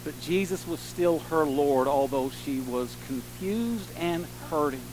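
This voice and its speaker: Earnest high-voiced male preacher, slow. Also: background noise. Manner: earnest, preaching with swelling emphasis and soft, slow drops. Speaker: pastor. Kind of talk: sermon.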